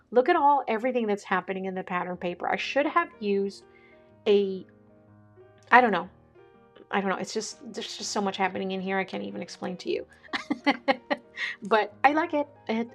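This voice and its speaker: A chatty woman talks casually in a vlog. Her voice sits mid-range and she is excitable, laughing often. Faint music plays behind her. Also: mid-range voice. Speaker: vlogger. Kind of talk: casual chat.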